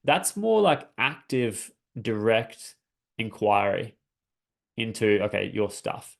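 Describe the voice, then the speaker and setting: A man's voice: lowish voice, sing-song, slow, vocal fry. A man coaching his listeners, telling a personal story in an earnest, searching way, often restarting his phrases. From Australia. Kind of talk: reflective personal talk.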